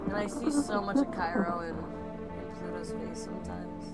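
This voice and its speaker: Lively young woman chatting with music. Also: mid-range voice, normal speed. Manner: blunt, swears often, laughs a lot; coos softly at her dogs. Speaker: streamer. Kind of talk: casual chat with viewers.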